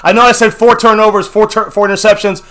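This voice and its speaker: Excitable man losing his voice. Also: sits high, quick pace. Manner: excitable, shouts predictions, reads out the play. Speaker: co-host of a fan watch-party stream. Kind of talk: live game reaction chat.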